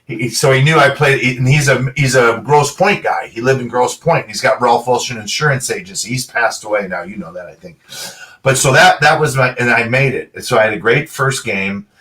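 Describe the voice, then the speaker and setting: A middle-aged man, a guest in a casual interview, telling animated stories and acting out short bits of dialogue. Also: mid-range voice, fairly quick, recorded from a distance, rough recording. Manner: animated storyteller, quotes people in short dialogue. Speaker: guest, former pro football player.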